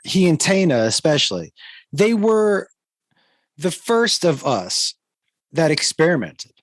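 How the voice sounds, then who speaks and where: A man telling stories about an old comedian friend in an interview, animated and acting out the exchanges he recalls. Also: on the high side, dry recording. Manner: lively anecdote-teller, acts out dialogue. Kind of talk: anecdotal storytelling.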